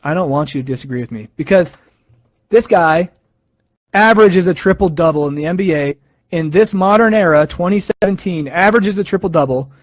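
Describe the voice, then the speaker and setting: A man hosting a sports podcast, giving casual opinions in an excitable, animated storytelling manner. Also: sits high, brisk, no room sound.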